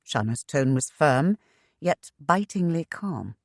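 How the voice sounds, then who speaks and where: A woman reading a historical romance novel aloud in measured, expressive narration. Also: sits low, no room sound, studio quality. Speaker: audiobook narrator. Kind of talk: scripted audiobook narration.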